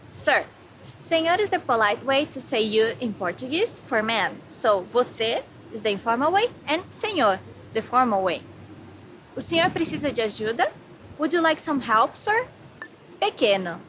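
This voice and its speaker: High-voiced Brazilian woman teaching words. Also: fairly bright tone, slight background noise, poor audio. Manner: says each word slowly and then gives its meaning. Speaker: language teacher. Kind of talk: vocabulary lesson.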